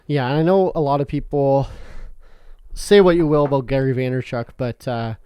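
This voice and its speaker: Young man from Canada, podcast co-host, loose rambling chat, medium pitch, dry close mic. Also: fairly even intonation, normal speed, mellow, smooth, no echo. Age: young adult. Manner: rambling, laughs often, swears casually. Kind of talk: casual chat.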